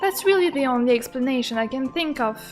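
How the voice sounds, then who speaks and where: A young woman streaming a game, reading dialogue aloud and reacting excitably with stammers and shrieks. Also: sits high, quick pace, soft background music. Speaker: gaming streamer. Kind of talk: let's play commentary with voiced lines.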